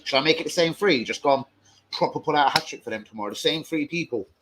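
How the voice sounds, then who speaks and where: A young man hosting a casual live stream, full of slang, swearing and excited banter. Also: fairly high pitch, fast talker, noisy background. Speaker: livestream host.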